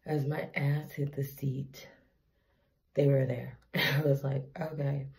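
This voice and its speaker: Gravelly, tired woman vlogger. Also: a bass voice, slow pace. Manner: candid, profane, animated retelling. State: tired, teary. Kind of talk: casual storytelling vlog.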